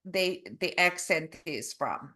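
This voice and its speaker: A woman's voice: on the low side, lively intonation, takes it slowly, bright, forceful tone. A woman whose accent sounds Eastern European, asking a guest questions in an interview. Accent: foreign accent syndrome, heard as Eastern European. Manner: brief agreeing, questioning.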